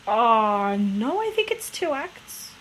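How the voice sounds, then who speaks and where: A woman's voice: a little high, sing-song, slow, a bit bright, poor audio. A woman co-hosting a podcast in casual chat, unsure of her facts and correcting herself as she goes. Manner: chatty, unsure, self-correcting. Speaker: podcast co-host.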